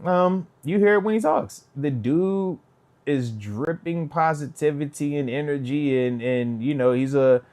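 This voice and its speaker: A man in his thirties, a retired football player and host, giving a casual, animated live post-game reaction and talking to his viewers. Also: on the high side, unhurried. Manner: animated, talks to chat, quotes players in put-on voices.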